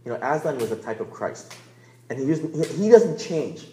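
A man's voice: mid-range voice, big pitch swings, normal speed, mellow. A man, preaching a sermon in a conversational storytelling way. He often restarts words and checks in with "right?". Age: 40s. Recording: roomy echo.

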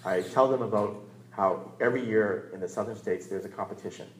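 A man's voice: fairly low pitch, brisk. Emphatic male pastor in an echoey room. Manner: earnest, emphatic, repeats key words with rising stress. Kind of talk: teaching in a church class.

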